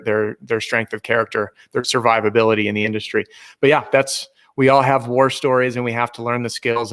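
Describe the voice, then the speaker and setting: A man's voice: mid-range voice, fairly bright tone. A man who coaches sales, talking as a podcast guest in a confident, explanatory way. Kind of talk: casual interview talk.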